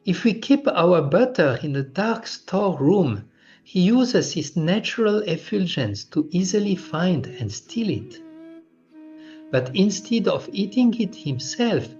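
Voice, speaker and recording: A man reading aloud gives the long complaint of exasperated village women in his own steady voice. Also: high voice, slow pace, exaggerated voice. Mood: complaining. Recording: dull lo-fi recording with faint music.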